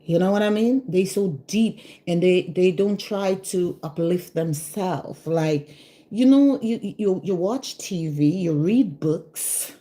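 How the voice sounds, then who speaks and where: A woman's voice: lowish voice, animated, slow, warm tone. A middle-aged Jamaican woman with a Jamaican accent, talking earnestly and casually in a vlog, often repeating herself and asking "you know what I mean?". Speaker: vlogger. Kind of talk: casual direct-to-camera talk.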